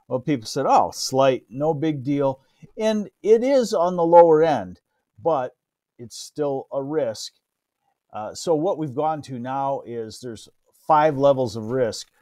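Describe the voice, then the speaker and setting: A man's voice: medium pitch, mellow, no echo. A man with a Midwestern American accent giving a casual live weather forecast as a meteorologist, greeting viewers by name along the way.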